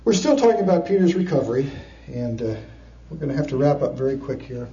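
A man preaching a sermon, retelling scripture with lively storytelling, chuckles and frequent fillers. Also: mid-range voice, fast. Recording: distant, dull, echoey room.

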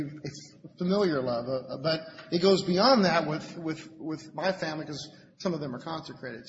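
A man with a slightly high voice preaches an informal sermon as a lay preacher, talking conversationally and stumbling over repeated words. The recording is dull and lo-fi, with a long hall reverb and a faint hiss underneath. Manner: conversational, halting, repeats words while searching for them. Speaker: lay preacher at a Bible study meeting.

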